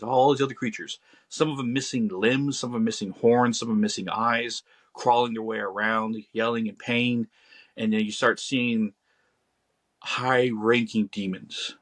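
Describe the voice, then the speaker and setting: A man's voice: mid-range voice, fairly bright tone. A man guest on a podcast telling an encounter story in casual conversation, speaking in a vivid second person and acting out scared voices.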